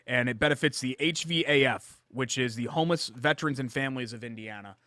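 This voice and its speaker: Man, sports talk co-host, bright tone, dry studio sound, animated when arguing. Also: medium pitch, a little fast, few pauses, dry recording.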